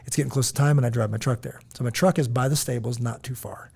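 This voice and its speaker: A man in his forties telling animated, rambling stories as a podcast co-host, often checking in with "right?". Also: mid-range voice, fast talker, gravelly, breathy edge. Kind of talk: casual podcast storytelling.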